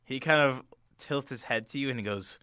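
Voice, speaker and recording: A man narrating a tabletop game as game master, halting with many fillers. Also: medium pitch, pushed and bright, smooth, dry recording, studio quality.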